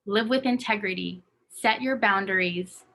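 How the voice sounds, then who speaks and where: A woman's voice: medium pitch, a little slow, a bit bright. A woman coaching her team in a motivational talk, emphatic and acting out her own inner voice.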